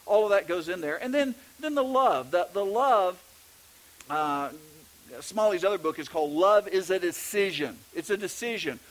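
Middle-aged Texan pastor, higher-pitched voice, easygoing preaching, often restarts sentences. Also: male voice, lively intonation, normal speed, rough recording. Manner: conversational preaching with frequent restarts. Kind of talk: sermon.

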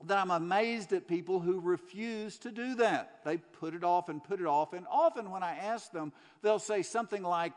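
A man preaching in a fairly high voice, telling a story with earnest emphasis and building on repeated phrases. His words ring out with a long reverb in a large church hall. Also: normal speed, hardly any pauses. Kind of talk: sermon.

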